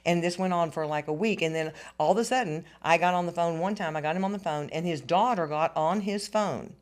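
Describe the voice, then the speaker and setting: A woman in her sixties giving an emotional interview, animated and repeating herself as her voice rises. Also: fairly low pitch, quick pace, few pauses. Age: 60s.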